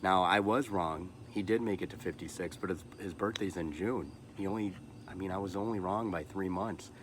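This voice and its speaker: A man's voice: low-pitched, a little fast, background noise. A man in his thirties hosting a podcast, talking through a personal, emotional monologue that halts, repeats words and restarts often, with motivational asides. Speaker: podcast host.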